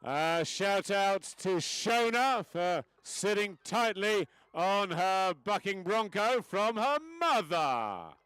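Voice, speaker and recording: Man, event announcer, live race commentary, high voice, dry close sound. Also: takes it slowly, hardly any pauses, smooth, dry recording, rough recording. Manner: chatty, cheerful, calls races with rising excitement; leads a crowd chant.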